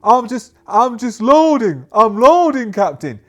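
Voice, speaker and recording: A man voicing a flustered young pirate crewman who talks loudly and repeats himself. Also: very high-pitched, sing-song, unhurried, voice pushed up, heavily acted.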